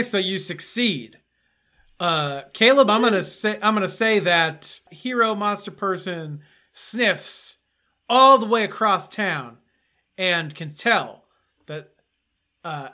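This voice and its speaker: A man's voice: high voice, sharp tone. A man acting as game master in a casual tabletop game, playful and chatty. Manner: playful, chatty, hesitant restarts.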